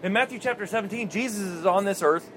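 High-voiced guy preaching outdoors at a racetrack, folksy and chuckly, faint traffic noise behind. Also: fast, a bit bright. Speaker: racetrack chaplain. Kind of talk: outdoor chapel sermon.

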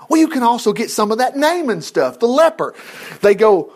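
A man's voice: high voice, fairly quick, slightly rough. A man preaching in an informal, folksy way, telling Bible stories conversationally and closing in prayer. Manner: folksy and conversational, animated storytelling.

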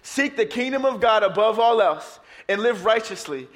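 A man preaching a sermon as pastor, lively and playful with his congregation. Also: high-pitched, moderate pace. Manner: energetic, playful preaching, leads congregation in song.

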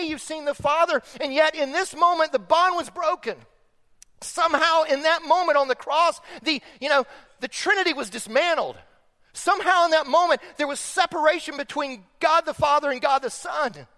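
A man preaches with a bright, forceful edge, pressing hard on key words and then sinking to a hush. His sermon carries the long reverb of a big church hall. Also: extremely high pitch. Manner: emphatic preaching that swings between loud stressed phrases and quiet slow ones. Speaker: pastor. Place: church sanctuary.

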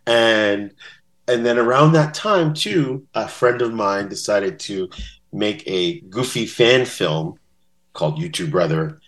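Animated male storyteller acting out quotes. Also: fairly low pitch, slow pace. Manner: animated, acts out quotes in different voices. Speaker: podcast guest, bass-playing fan. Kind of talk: casual interview storytelling.

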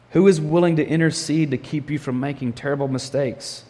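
A male pastor preaching a sermon with animated storytelling. He acts out the voices of the people in his story. His voice rings with a long reverb, as if recorded in a large hall. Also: a little high, fairly quick, hardly any pauses.

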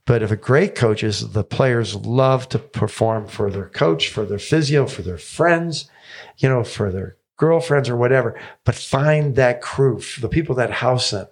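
A man's voice: mid-range voice, a little slow. A man in his seventies, a tennis coach telling stories as a podcast guest, enthusiastic and repeating phrases for emphasis. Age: 70s.

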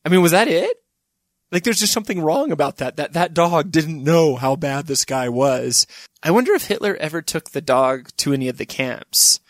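A man's voice: a little high, animated, normal speed, no echo, clean studio sound. A man hosting a podcast, chatting casually in a rambling, digressive way and laughing at times. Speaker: podcast host. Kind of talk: casual chat.

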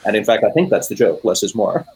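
A man in casual conversation, explaining software history with wry, musing asides. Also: fairly low pitch, lively intonation, fast talker, low-quality recording. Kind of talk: casual tech chat.

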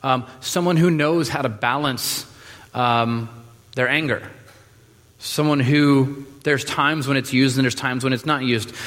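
A man preaching a sermon in a relaxed, joking way, with many fillers and restarts. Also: medium pitch. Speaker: pastor. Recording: reverberant hall.

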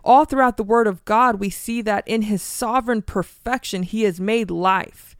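Woman, Bible podcast co-host, deliberate scripture reader, clean dry studio sound. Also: medium pitch, no room sound. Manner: measured, reads scripture slowly and deliberately.

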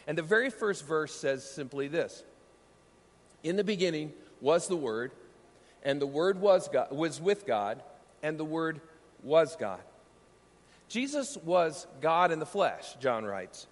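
A man delivers a sermon in a notably high voice, teaching earnestly and slowing on the lines he wants to land. His words ring out with a long reverb tail, as if spoken in a large hall. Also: big pitch swings. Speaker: pastor.

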